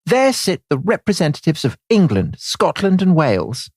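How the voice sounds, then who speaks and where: A man's voice: fairly high pitch, wildly swooping pitch, moderate pace, a little mellow, breathy edge, no echo, clean studio sound, pitched above the performer's own voice, exaggerated voice. A man reading aloud as a prim woman secretary keeping a diary, in a lofty, sweeping way. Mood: grand.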